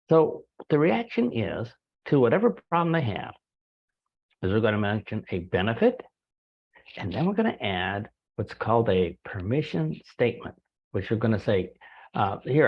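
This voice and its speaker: A man's voice: mid-range voice, sing-song, moderate pace, breathy edge, highs cut off. A man giving a recorded sales training talk, folksy and chatty, acting out little sample conversations. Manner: folksy, acts out little dialogues.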